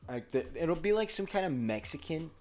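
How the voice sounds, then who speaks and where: A man's voice: fairly high pitch, sing-song, normal speed, a little mellow. A teenage boy co-hosting a podcast, rambling in casual chat with lots of fillers and swearing. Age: teens. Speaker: podcast co-host.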